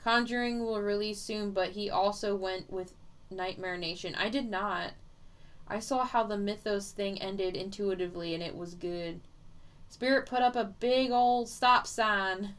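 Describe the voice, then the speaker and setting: A woman's voice: mid-range voice, a little slow, smooth. A woman psychic medium chatting casually on a livestream, reading viewer comments aloud and laughing often as she rambles.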